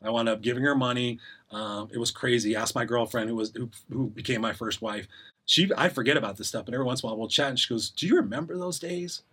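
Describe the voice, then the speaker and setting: A man's voice: medium pitch, steady tone, fast talker, sharp tone, breathy edge. A middle-aged man telling a rambling personal story as an interview guest, acting out the voices of people he quotes.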